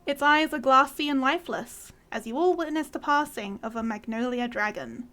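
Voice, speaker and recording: A woman narrating as game master in a measured, descriptive way. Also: high-pitched, lively intonation, sharp tone. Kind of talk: scripted narration of a tabletop game.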